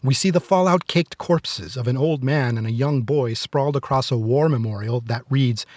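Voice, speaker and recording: A man in his forties narrates a film review podcast in a sardonic, darkly joking tone. His voice sits at an ordinary middle pitch, and it is recorded close and bone dry. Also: moderate pace, darkish tone, no echo. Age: 40s. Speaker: podcast host.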